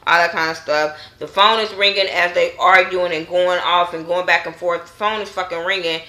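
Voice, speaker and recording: A woman vlogger recapping a TV episode in a casual, animated way, cursing freely and acting out the characters' lines. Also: lowish voice, normal speed, reverberant. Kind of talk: casual recap with heavy profanity.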